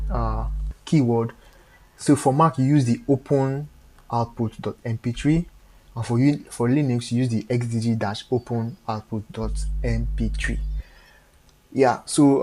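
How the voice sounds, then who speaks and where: A man hosting a live stream and walking through code step by step. He talks haltingly, with frequent fillers and self-corrections. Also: mid-range voice, a little mellow. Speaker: coding tutor on a live stream. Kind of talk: step-by-step coding walkthrough.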